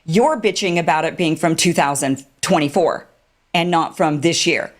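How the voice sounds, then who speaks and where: A woman giving animated, sarcastic online commentary and mocking others with put-on quotes. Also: deep voice, moderate pace. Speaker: political commentator.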